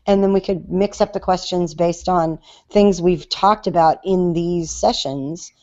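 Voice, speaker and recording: A woman's voice: fairly low pitch, steady tone, unhurried, mellow, lo-fi sound. A woman hosting a podcast in casual chat, talking in a chatty, hesitant way with many fillers. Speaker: podcast host.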